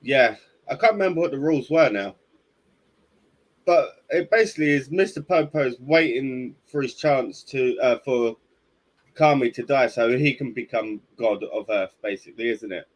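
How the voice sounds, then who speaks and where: A man's voice: mid-range voice, moderate pace, low-quality recording. A man co-hosting a casual podcast chat, chatty and a bit hesitant. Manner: chatty, hesitant with fillers, laughs at jokes. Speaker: podcast co-host.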